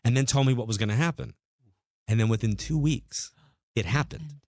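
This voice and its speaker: A man's voice: medium pitch, brisk, no echo, clean studio sound. A middle-aged man, a guest medium, telling long stories in casual chat and acting out the people he quotes. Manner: animated storyteller, acts out quotes. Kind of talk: casual storytelling.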